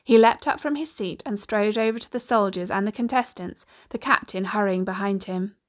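A woman's voice: mid-range voice, moderate pace. Woman reading a storybook aloud. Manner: steady, expressive storytelling. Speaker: narrator.

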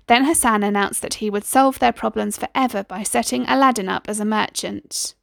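A woman storyteller reading aloud in a steady, expressive way. Her voice has a gravelly fry at mid pitch, recorded close and dry. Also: fairly quick, few pauses, dry recording. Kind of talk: storybook narration.

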